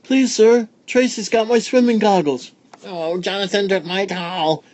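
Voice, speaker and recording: A man squeaking as whiny squabbling schoolchildren. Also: normal speed, lightly acted. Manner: whiny, chattering, excitable. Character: noisy squabbling young schoolchildren.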